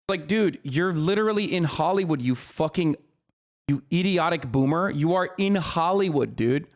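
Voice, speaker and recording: High-voiced man ranting with profanity. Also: animated, normal speed. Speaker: streamer. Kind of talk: live reaction commentary.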